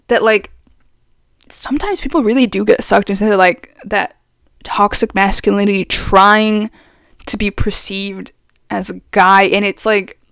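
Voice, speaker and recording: A young adult trans man chatting casually as a vlogger, rambling and expressive, his voice going up and down, speaking very close to the mic. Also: sits high, creaky, no room sound. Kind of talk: casual chat.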